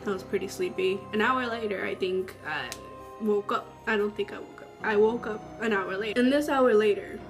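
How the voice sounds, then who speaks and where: A woman telling a story in a casual, slangy, animated way. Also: mid-range voice, moderate pace. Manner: chatty, slangy, animated retelling with acted-out quotes. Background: faint background music.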